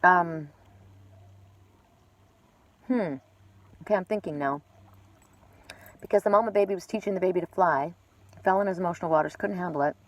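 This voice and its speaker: A woman hosting a live oracle card reading stream, rambling and chatty, with gentle spiritual encouragement, recorded outdoors at a lakeside cove. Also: fairly low pitch, normal speed, pauses often, no echo. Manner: rambling, chatty, with many fillers and restarts. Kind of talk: casual live-stream chat with viewers.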